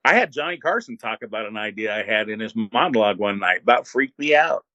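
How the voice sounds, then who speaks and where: An older man, a former radio host, telling stories as an interview guest in an animated, laid-back way and acting out what people said. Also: lowish voice, quick pace, no echo, dull audio. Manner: animated, laid-back storyteller who acts out quotes. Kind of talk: casual storytelling.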